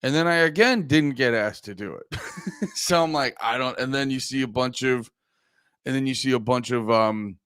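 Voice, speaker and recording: A man's voice: mid-range voice, moderate pace, a bit bright, clear, resonant tone, dry recording, clean studio sound. A man hosting a livestreamed podcast, chatting loosely and profanely with his viewers and sounding a little groggy. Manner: rambling, profane, talks to chat. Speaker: podcast host. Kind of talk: casual livestream chat.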